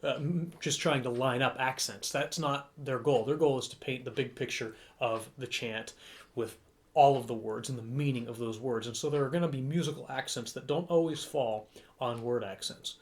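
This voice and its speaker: An American man, a young adult music director, teaching a lesson that explains and counts rhythms aloud as he demonstrates conducting. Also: mid-range voice.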